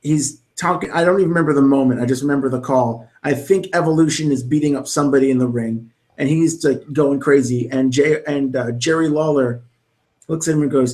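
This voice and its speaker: A man's voice: a little high, a little fast, a little mellow. Rambling enthusiastic young man. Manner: rambling, enthusiastic, frequent restarts. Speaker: podcast co-host. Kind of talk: casual chat about wrestling commentary.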